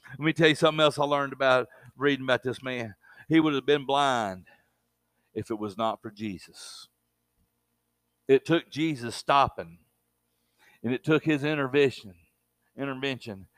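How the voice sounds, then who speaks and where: A man's voice: medium pitch, normal speed, pauses often, no room sound, clean studio sound. Colloquial storytelling preacher, man. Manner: storytelling preacher, colloquial, swings between loud and hushed. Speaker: pastor. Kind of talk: sermon.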